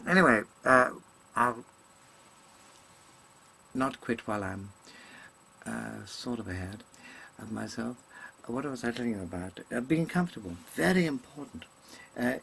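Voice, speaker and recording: Pitched in the middle range, this man's gravelly voice carries a fairly bright tone, with slight hiss or hum in the background. An actor doing a comic theatrical monologue for a webcam, he wanders off on tangents, hesitates often, and keeps correcting himself with ums, all in affected stage diction.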